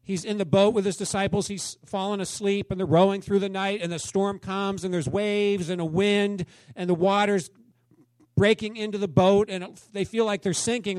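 A man in his fifties preaching a sermon, telling stories dramatically and swinging between loud exclamations and hushed asides. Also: sits high, steady tone, normal speed, dry recording. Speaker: pastor.

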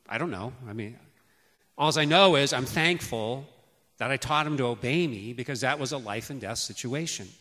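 Man in his fifties, preaching on parenting, anecdotal and animated, in a reverberant hall. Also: medium pitch. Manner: storytelling, acts out calls to his children loudly. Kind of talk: sermon on parenting.

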